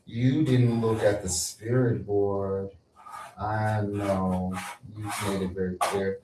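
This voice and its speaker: A man talks in a slow, low voice, scolding and repeating lines like a chant in a rambling mystical monologue. He sits back from the mic, and his voice bounces around a roomy space. A faint hiss of noise runs under him. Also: level tone, a little mellow, recorded from a distance. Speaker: content creator.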